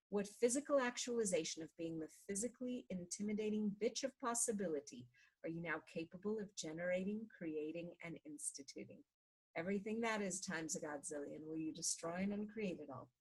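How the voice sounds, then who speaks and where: Husky woman reading a book aloud. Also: medium pitch, lively intonation, darkish tone, poor audio. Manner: measured reading, slows down on repeated chant-like refrains. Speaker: reader of a book.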